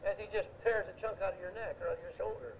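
A man's voice: sits high, steady tone, racing, gravelly, slight background noise, poor audio. An older man preaching a sermon, emphatic and anecdotal, repeating phrases for effect.

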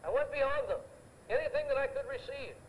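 Older guy preaching, high lively voice, repeats himself for punch, bit of hiss behind. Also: brisk, low-quality recording. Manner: emphatic, anecdotal, repeats phrases for effect. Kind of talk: sermon.

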